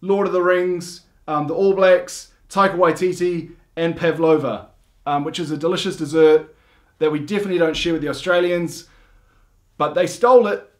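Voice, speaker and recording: A man with a New Zealand accent presenting a mock instructional comedy video in a deadpan manner, hesitating often. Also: fairly high pitch, normal speed. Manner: deadpan, hesitant with many ums. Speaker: comedy vlogger, dad.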